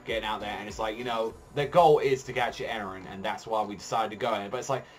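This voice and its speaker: A man's voice: medium pitch, a little hiss or hum. Rambling, swearing man. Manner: rambling, heavy swearing and fillers. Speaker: manga reviewer. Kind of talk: casual spoken review.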